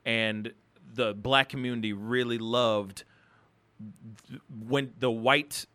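A man hosting a podcast, talking in an animated, emphatic way in casual chat. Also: mid-range voice, slow, smooth. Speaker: podcast host.

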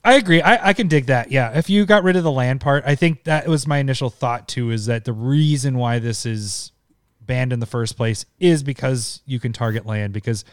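A man co-hosting a casual card-game discussion, relaxed and often laughing, sometimes reading card text aloud. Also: mid-range voice, normal speed, clear, resonant tone, no echo, studio quality. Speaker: podcast co-host.

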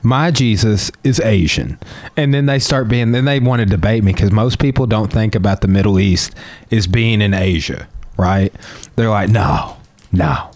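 A man with a fairly low voice talks in a loose, rambling way. He jokes as he goes and now and then drops into mock voices. The sound is dry and close, with no room around it. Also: fairly even intonation, normal speed, hardly any pauses, a little mellow, no echo. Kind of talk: casual chat.

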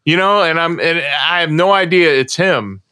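A man's voice: on the high side, moderate pace, bright, forceful tone, clear, resonant tone, no room sound, clean studio sound. Rambling American man telling a story. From United States. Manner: rambling storyteller, many restarts. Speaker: co-host. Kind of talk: casual podcast chat.

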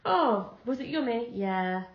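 A young woman, talking casually as a podcast co-host and putting on little voices for the people in her stories. Her voice sits a bit high. The recording is roomy and a little dull. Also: lively intonation, a little slow. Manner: chatty storyteller, acts out the dialogue in her anecdotes, laughs often. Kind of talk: casual chat. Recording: echoey room, dull lo-fi sound.

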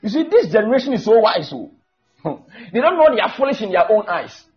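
Male preacher, very high animated voice, shouts and stretches out scripture; muffled church recording. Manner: shouting, drawn-out emphatic Bible quotes. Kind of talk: fiery sermon. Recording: dull lo-fi church recording with faint music.

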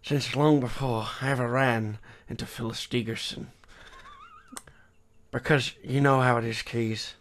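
A man's voice: mid-range voice, fairly even intonation, a little slow, fairly bright tone, slight background noise, lightly acted. A man putting on a brooding, hard-boiled noir detective voiceover, spoken through the teeth in a mock-theatrical way. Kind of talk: film noir voiceover impression.

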